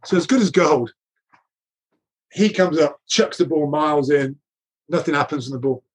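Husky-voiced man telling lively anecdotes. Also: a little high, moderate pace. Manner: laughs often while telling stories, acts out quoted dialogue. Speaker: guest recounting coaching career. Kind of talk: animated anecdotal storytelling.

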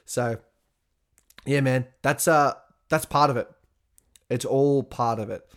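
A man's voice: medium pitch, takes it slowly. A young adult man talking in a casual monologue, swearing often and laughing as he speaks.

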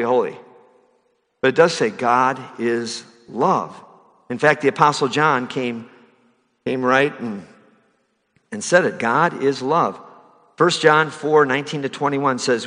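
A man preaching a sermon as a pastor, rising to loud, emphatic high passages and dropping soft for key lines. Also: big-room sound.

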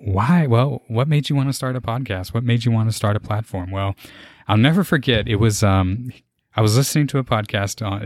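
An earnest young man shares his personal faith testimony as a podcast host. His voice sits low and moves haltingly, often carrying emotion. The recording is dry and close, with no room sound. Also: no room sound.

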